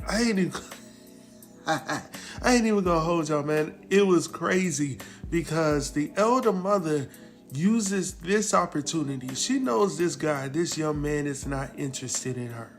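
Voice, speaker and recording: Man, casual TV recap host, lively storyteller, slightly high voice, faint music underneath. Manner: animated storytelling, acts out quotes, laughs often.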